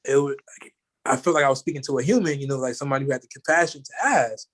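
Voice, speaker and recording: A man in a casual talk, recounting a story at an easy, middle-pitched level and wandering through it with many "you know" and "like" fillers. His delivery is loose and conversational. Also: racing, fairly bright tone. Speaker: guest.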